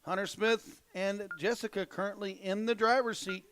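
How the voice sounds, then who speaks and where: A man doing live darts commentary, excitable and animated in his play-by-play. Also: sits high, moderate pace, very noisy.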